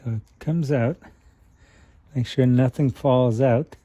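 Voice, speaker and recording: Slow-talking man fixing a switch. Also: mid-range voice, mellow, muffled recording. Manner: unhurried, thinking aloud while working; talks with a flashlight in his mouth at times. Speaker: car repair channel host. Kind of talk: hands-on repair demonstration.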